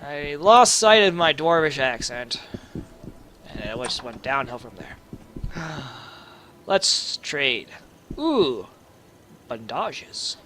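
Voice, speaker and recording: A man's voice: a little high, sing-song, slow, pauses often, sharp tone. A man giving playful, jokey commentary over a game, reading its text aloud. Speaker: gaming video host. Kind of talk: casual gameplay commentary.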